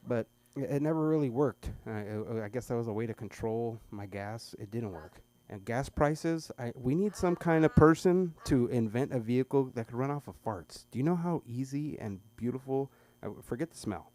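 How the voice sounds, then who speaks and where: A middle-aged man rambles through a stand-up bit, stumbling and restarting as he goes. His voice is dark and mellow, picked up by a stage microphone at a small club. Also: mid-range voice, expressive, moderate pace, few pauses. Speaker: stand-up comedian at an open mic. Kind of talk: stand-up set.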